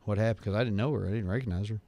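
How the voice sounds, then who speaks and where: A man's voice: lowish voice, very fast. A man hosting a casual call-in radio show, rambling through jokes and stories. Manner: rambling storyteller, joking. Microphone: studio microphone.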